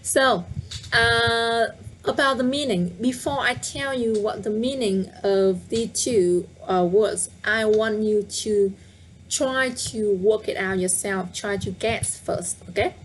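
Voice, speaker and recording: A woman's voice: medium pitch, slow pace, slight background noise. A woman teaching a live online language lesson, patiently repeating words and inviting viewers to guess. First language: Vietnamese. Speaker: Vietnamese teacher.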